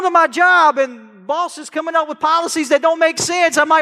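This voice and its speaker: Man, middle-aged pastor, bright forceful voice, preaching in a church hall with long reverb. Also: very high-pitched, moderate pace. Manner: animated preaching, crying out verses dramatically. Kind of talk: sermon. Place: church sanctuary.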